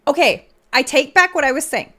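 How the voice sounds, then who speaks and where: Chatty woman streamer, slightly high voice. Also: animated, brisk, sharp tone. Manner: rambling, filler-heavy, chatty. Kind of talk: casual stream chat.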